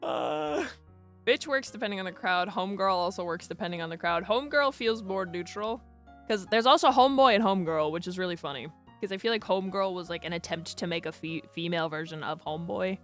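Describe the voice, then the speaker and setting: A woman's voice: mid-range voice, brisk, a bit bright, faint music behind. A woman streamer chatting casually, laughing often and swearing freely. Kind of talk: casual chat.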